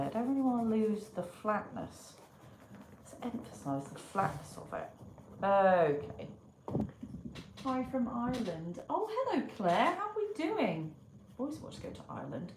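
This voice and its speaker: A woman chatting casually to viewers during a live stream while she draws, muttering to herself and greeting them brightly. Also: lowish voice. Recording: echoey room with clear background noise.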